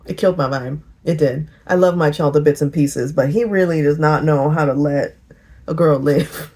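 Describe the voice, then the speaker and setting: A middle-aged woman chatting casually in a get-ready-with-me vlog, telling a lively story with laughter. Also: lowish voice, measured pace. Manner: animated storytelling, laughing and singing along. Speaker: vlogger.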